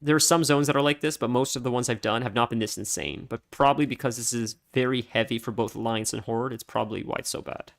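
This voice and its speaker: Male streamer, easygoing chatty commentary, average pitch, prone to laughing. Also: fast, vocal fry, few pauses. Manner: rambling storytelling, laughs often. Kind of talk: casual gameplay commentary.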